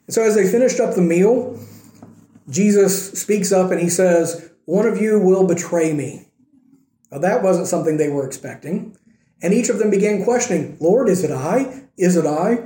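A man's voice: high-pitched, normal speed, warm tone. Conversational preaching man, echoey room. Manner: conversational preaching, acting out quoted lines. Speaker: pastor. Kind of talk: sermon.

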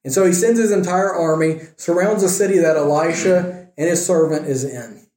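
A man's voice: a little high, moderate pace, a little mellow, reverberant. A man teaching a casual Bible lesson, retelling a scripture story in a conversational way with wry asides.

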